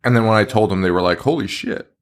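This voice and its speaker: A man's voice: fairly low pitch, fairly even intonation, rapid-fire. A man co-hosting a horror movie podcast, telling a rowdy party story in casual chat and swearing constantly. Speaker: podcast co-host. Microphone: remote recording.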